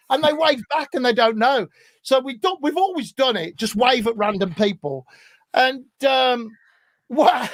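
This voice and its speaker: A man, a guest in casual chat, telling stories with animation and growing loud as he laughs. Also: very high voice, no echo. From England. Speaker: guest musician.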